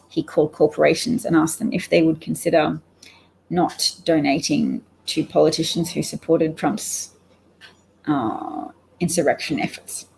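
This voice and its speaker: A woman's voice: lowish voice, gravelly, mellow, slight background noise, low-quality recording. A woman giving rambling, wry solo commentary on the news, reading out quotes and sounding sleepy. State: sleepy, yawning. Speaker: political commentator.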